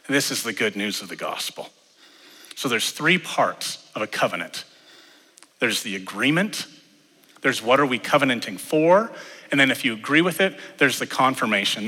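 A man's voice: mid-range voice, lively intonation, moderate pace, pushed and bright, slightly rough. A man preaching a sermon as pastor to a church congregation, earnest, rising and falling in force. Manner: earnest preaching that swells and drops. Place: church sanctuary. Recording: long hall reverb in a church.

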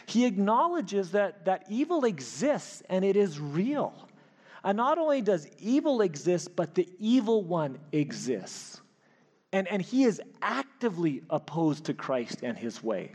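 A man preaching a sermon, telling a personal story with animated delivery and frequent restarts. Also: high-pitched, unhurried. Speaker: pastor. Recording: hall reverb.

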